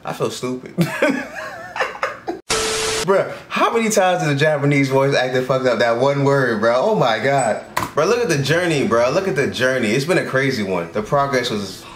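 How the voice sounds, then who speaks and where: A young man casually reacting to an anime episode, animated and slangy, laughing and swearing as he goes. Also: medium pitch, a little fast, background noise. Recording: echoey room.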